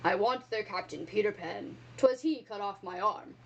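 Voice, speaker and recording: A woman voicing a menacing, brooding male pirate captain in a storybook read-aloud, speaking in a dark, threatening way. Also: medium pitch, normal speed, gravelly, muffled recording, a little hiss or hum, natural voice.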